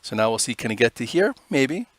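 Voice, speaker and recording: A man's voice: mid-range voice, big pitch swings, a little fast, no room sound. Casual man talking through stock charts. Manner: casual, rambling, many "um"s. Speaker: stock trading host. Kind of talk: live market commentary.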